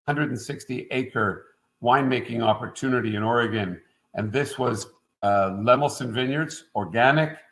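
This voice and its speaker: A middle-aged man from Quebec, a winemaker guest in a relaxed interview. He rambles from one anecdote to the next at an ordinary pitch and keeps the tone loose and conversational. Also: poor audio. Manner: rambling and anecdotal, frequent "uh" fillers. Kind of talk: casual interview storytelling.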